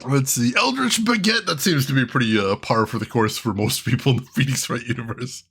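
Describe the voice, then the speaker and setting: A man's voice: medium pitch, animated, brisk, vocal fry, a bit bright, husky. A man hosting a let's play, joking through casual game commentary, greeting chat and laughing often.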